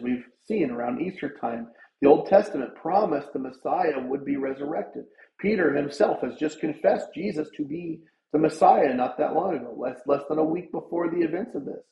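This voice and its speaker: A man preaching a sermon with earnest, conversational emphasis, his voice lifting when he drives a point home. The room around him is echoey, and the sound is a bit dull and muffled. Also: fairly high pitch. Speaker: pastor.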